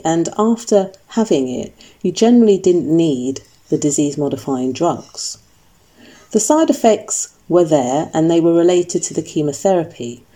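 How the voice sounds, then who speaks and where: Low-voiced woman with a very dark tone. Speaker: narrator of her own health story. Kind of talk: scripted first-person narration.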